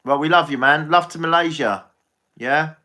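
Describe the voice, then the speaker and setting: A man's voice: on the high side, normal speed, sharp tone. An English man chatting casually on a live stream as a tarot reader, rambling and swearing freely.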